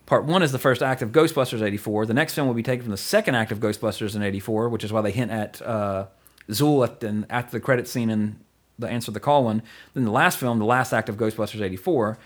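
A man's voice: on the low side, quick pace. A man hosting a casual movie podcast, rambling with lots of fillers and laughing easily. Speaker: podcast host.

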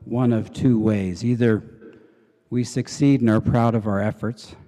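A man's voice: mid-range voice, steady tone, a little slow, warm tone. A man preaching a sermon as a cathedral dean, telling stories in a reflective way with small fillers and restarts. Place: large cathedral. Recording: reverberant cathedral sound.

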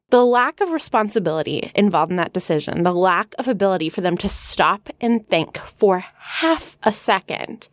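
A young woman co-hosting a casual book discussion podcast, animated and quick to laugh. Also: mid-range voice, dry recording. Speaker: podcast co-host.

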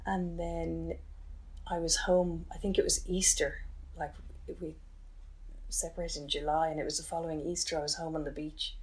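A woman, recounting a painful chapter of her life in an interview with candid, halting restarts. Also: sits low, flat delivery. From Ireland. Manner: candid, halting, emotional retelling with many restarts. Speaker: interview guest. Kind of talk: personal storytelling.

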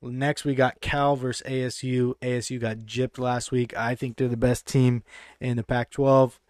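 A man's voice: medium pitch, flat delivery, moderate pace, darkish tone, dry recording, clean studio sound. A man co-hosting a casual sports betting podcast, brash and swearing freely as he runs through his picks. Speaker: podcast co-host.

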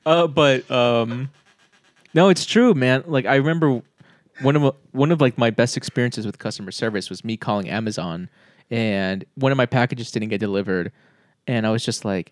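Young male co-host, animated storyteller, mid-pitched, dry sound. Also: normal speed, no room sound. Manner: animated storyteller, acts out voices, swears. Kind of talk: casual chat.

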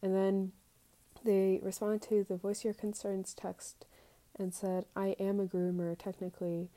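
A woman's voice: mid-range voice, level tone, a little slow, warm tone, rough recording. A woman recording a casual, confessional podcast episode. She talks candidly and with plenty of swearing, reads her text messages aloud, and sometimes drops to a whisper.

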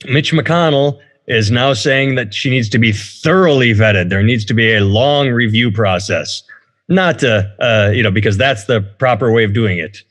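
A man hosting a casual comedy podcast, reading news stories aloud and riffing on them with sarcasm. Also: on the low side. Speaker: podcast host.

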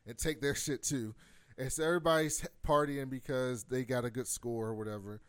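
A man's voice: medium pitch, a little fast, clean tone, no room sound. A man talks through a TV episode in loose, casual chat. His voice sits mid-range and sounds dry and close to the mic. He slips into the characters' lines as he retells the scenes. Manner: animated storytelling, acts out quotes. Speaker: podcast co-host.

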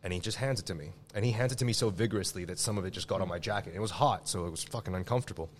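A man, a guest chef, telling a profane, animated story in casual podcast chat. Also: deep voice, racing, a little hiss or hum. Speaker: guest chef and restaurant owner.

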